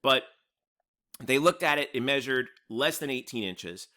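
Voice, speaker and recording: A man's voice: medium pitch, lively intonation, measured pace, bright, forceful tone. A man hosting a casual video breakdown of a game, rambling and repeating himself as he talks it through. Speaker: host.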